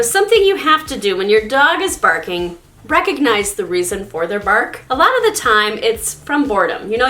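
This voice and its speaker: A woman's voice: medium pitch, bright, forceful tone. A woman hosting a casual how-to video on dog training, chatty and upbeat in a conversational way. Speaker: dog owner and video host. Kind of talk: casual instructional vlog.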